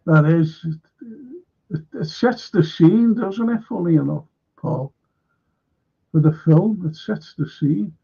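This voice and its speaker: A man's voice: fairly high pitch, slow, gravelly, warm tone, husky, highs cut off. A man hosting a casual film chat, retelling scenes and laughing as he goes. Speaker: host.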